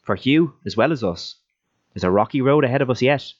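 A man voicing a brisk, practical guide who takes charge, heard on a dull, lo-fi recording. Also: mid-range voice, animated, voice pushed up, lightly acted.

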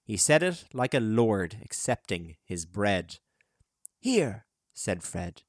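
Reading from a script, a man narrates a children's adventure audiobook with measured, expressive storytelling. His voice sits on the low side, and the recording is clean studio sound without echo.

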